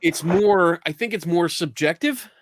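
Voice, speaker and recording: A man's voice: high voice, measured pace, no room sound, clean studio sound. Chatty Philly man hosting a show. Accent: Philadelphia. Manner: chatty, laughs and swears freely. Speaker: podcast host. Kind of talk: casual livestream chat.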